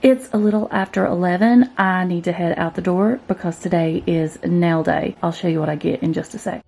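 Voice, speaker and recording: A woman vlogger speaks briskly in a lowish, steady voice that's both creaky and warm. She chats and rambles to the camera, at times while eating.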